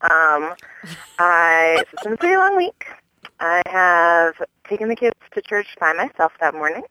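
A woman's voice: big pitch swings, moderate pace, bright, forceful tone, a little hiss or hum, poor audio. A young woman from the US East Coast leaving a voicemail, telling an exasperated story about a stranger and her baby. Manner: exasperated, acts out the stranger in a high mocking voice. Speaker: caller leaving a voicemail rant.

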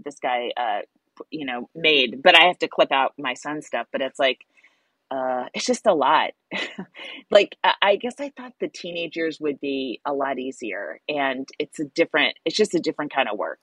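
A woman's voice: extremely low pitch, animated, normal speed, fairly bright tone, no room sound. A middle-aged woman co-hosting a podcast, a parent of a teenager, talking candidly and wryly with casual swearing. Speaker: podcast co-host. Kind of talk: casual chat.

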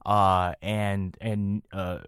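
A man's voice: fairly low pitch, drawn-out words, clear, resonant tone, no echo. Dry-sounding western Massachusetts man chatting. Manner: storytelling, animated when quoting people. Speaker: podcast guest. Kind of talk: casual chat.

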